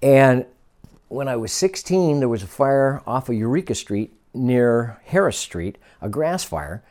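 A Northern California man in his sixties, formerly a fire captain, shares stories for an oral history interview, performing the dialogue of those he quotes. He speaks unhurriedly in a mid-range voice with lively intonation and a slightly mellow tone.

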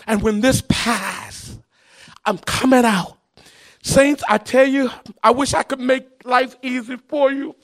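A man preaching a sermon in a chanting, repetitive cadence, often rising into shouts and sing-song. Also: very high voice, steady tone, slow pace, vocal fry. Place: church.

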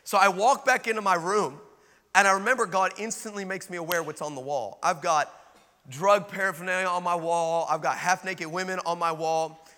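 A man's voice: sits high, fairly even intonation, normal speed, bright, forceful tone, long reverb tail. A man preaching a sermon, telling a personal story with acted-out dialogue and building to emphatic exhortation.

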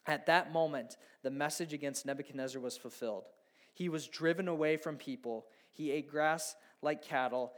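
A man in his thirties preaching a conversational sermon, acting out imagined inner thoughts. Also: medium pitch. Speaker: pastor.

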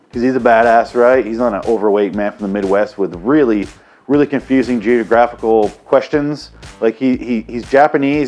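Man from Michigan for a comedy rant host: mid-pitched, swearing, sarcastic, rambling, faint music behind. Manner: profane, sarcastic, rambling with restarts.

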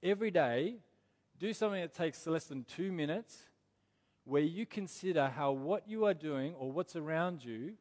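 An earnest man delivers a sermon in a fairly high voice, leaning hard on the words that matter and drawing them out. His voice rings with a long reverb, as from a church hall. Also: animated, a little mellow. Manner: earnest, emphatic, slows down on key words. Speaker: pastor.

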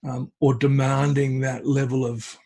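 A man with a husky, slightly breathy voice talks with a guest's easy, unhurried manner. He keeps circling back and restarting his sentences as he retells an old story. His pitch sits in an ordinary middle range. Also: flat delivery, darkish tone. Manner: hesitant, restarts phrases, tells story with acted quotes. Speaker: podcast guest. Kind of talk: conversational storytelling. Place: at home with a cat.

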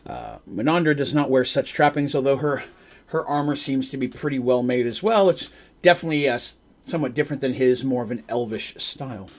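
Brief: male game master narrating a tabletop session on stream, rambling and casual, a bit breathy. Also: medium pitch, a little fast. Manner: rambling, with casual asides and self-corrections.

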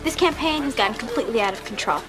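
An actress playing an earnest teenage girl in a TV series clip, speaking in a high, lively way. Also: very fast, natural voice. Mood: serious. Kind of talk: TV series dialogue. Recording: TV clip with loud music behind.

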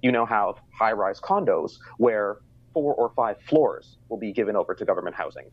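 A man's voice: on the low side, expressive, normal speed, slightly rough, dry recording. Man telling a story, dry and muffled sound. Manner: reflective storytelling with fillers. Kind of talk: casual conversation. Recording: dry, slightly dull sound.

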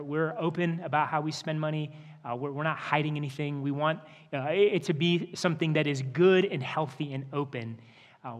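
A man's voice: a little high, fairly bright tone, long reverb tail. A man pastor giving an earnest sermon, often restarting words as he talks, in a church sanctuary. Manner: earnest, with repeated word restarts.

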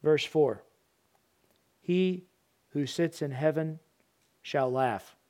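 A middle-aged man preaching a sermon, animated, acting out parents and children in raised voices. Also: fairly high pitch, extremely slow. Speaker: pastor.

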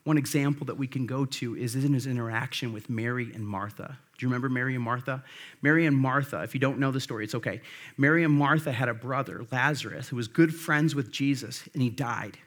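Husky-voiced man preaching a sermon. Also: mid-range voice, quick pace, a bit bright. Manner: conversational, emphatic preaching with rhetorical questions. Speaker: pastor.

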